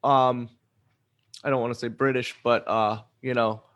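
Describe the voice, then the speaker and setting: A man's voice: mid-range voice, little pitch movement, a little slow, a bit bright. A man hosting a podcast, chatting casually and rambling with frequent self-corrections. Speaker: podcast host. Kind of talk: casual chat. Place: Oregon.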